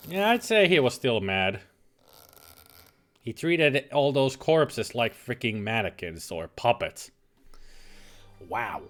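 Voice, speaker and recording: A man's voice: mid-range voice, sing-song, slow pace, long pauses, a bit bright, soft background music. A man streaming a game, commenting casually and reacting aloud. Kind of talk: casual let's-play commentary.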